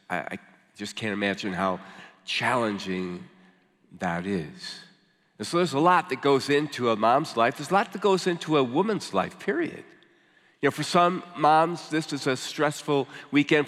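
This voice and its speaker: A man's voice: fairly low pitch, fairly bright tone. A middle-aged man preaching a sermon as pastor, folksy and conversational, with frequent fillers and repeated words. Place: church sanctuary. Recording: long reverb of a large hall.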